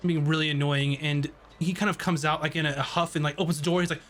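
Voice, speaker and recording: Male game master, relaxed rambling narration, slightly high voice. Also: quick pace, hardly any pauses. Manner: relaxed, rambling, many fillers.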